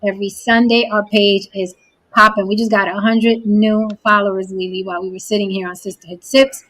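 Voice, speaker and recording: Woman, host, livestream talk show, brisk, speaks to the chat, mid pitch. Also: level tone, a bit bright, poor audio. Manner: brisk, addresses the chat directly.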